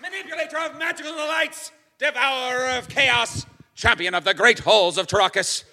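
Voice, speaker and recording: A man's voice: moderate pace, pushed and bright, long reverb tail, slight background noise, full character voice. An actor playing a pompous, grandiose wizard who proclaims his own titles in live improv comedy. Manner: booming self-important proclamation.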